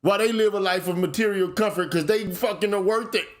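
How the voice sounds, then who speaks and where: A man hosting his own channel, speaking in casual commentary, blunt and profane, at times working up into shouted rants. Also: high voice, fairly quick. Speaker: channel host.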